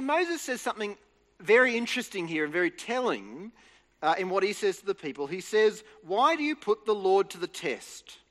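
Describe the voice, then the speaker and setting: A man's voice: sits high, fairly bright tone. A man giving an earnest, explanatory Bible teaching talk, restarting phrases as he goes. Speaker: preacher. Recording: reverberant hall.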